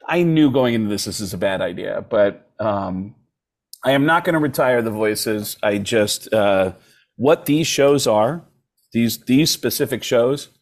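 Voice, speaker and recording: A male comedian telling stories in a casual podcast chat, lively and jumping into quoted voices. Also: lowish voice. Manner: animated, jumps into quoted voices. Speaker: comedian guest. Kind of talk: casual storytelling. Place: podcast studio.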